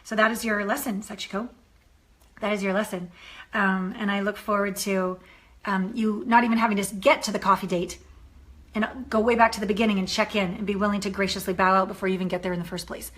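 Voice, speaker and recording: A woman dating coach giving an animated coaching talk to a course member, acting out the voices in her stories. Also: medium pitch, quick pace.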